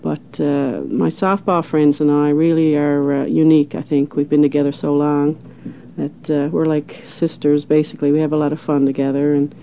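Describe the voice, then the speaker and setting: A middle-aged woman from St. John's, Newfoundland, with a townie accent, talking in a relaxed, easygoing way in a recorded interview with frequent pauses. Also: low voice, gravelly, slight background noise. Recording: dull lo-fi recording.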